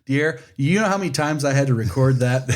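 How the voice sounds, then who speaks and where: A man's voice: mid-range voice, normal speed. Man, podcast host, mid-range voice, easygoing, joking, informal. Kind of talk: casual podcast chat.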